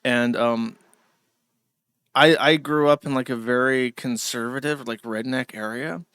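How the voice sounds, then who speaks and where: A man's voice: medium pitch, fairly even intonation, measured pace, fairly bright tone, clean tone, no room sound. A man hosting a livestream, rambling through a casual monologue with digressions and asides to his chat. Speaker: livestream host.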